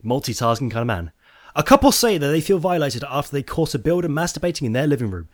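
A man co-hosting a comedy podcast, explaining odd products and news in a plain, deadpan way. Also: on the high side, fast, no echo, studio quality. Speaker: podcast co-host. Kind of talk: casual comedy chat.

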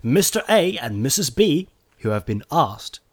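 A man co-hosting a comedy podcast, explaining odd products and news in a plain, deadpan way. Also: mid-range voice, a little slow, no room sound. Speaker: podcast co-host. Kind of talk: casual comedy chat.

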